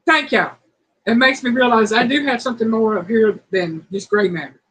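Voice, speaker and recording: A woman's voice: fairly high pitch, normal speed, fairly bright tone, breathy edge, low-quality recording. Folksy woman hosting a live chat. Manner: folksy, chatty, playful. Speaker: host of a cooking channel's live chat. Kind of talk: casual live-stream chat, reading quiz questions.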